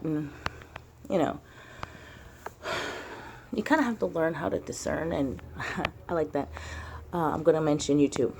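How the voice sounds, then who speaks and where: A woman's voice: low voice, measured pace, long pauses, noisy background. A woman talking casually to camera in a rambling spiritual vlog, full of fillers like "like" and "you know" and casual swearing. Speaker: spiritual vlogger.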